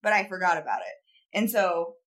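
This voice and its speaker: A woman co-hosting a podcast, telling funny stories about her life in casual chat. She talks in an animated, self-mocking way and laughs as she goes. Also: lowish voice, moderate pace. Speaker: podcast co-host, photographer.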